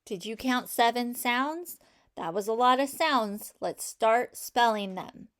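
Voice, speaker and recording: Woman teacher, slightly high voice, slow and patient, voice-over for a children's spelling lesson. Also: a bit bright. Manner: slow, patient, encouraging, sounding out each sound.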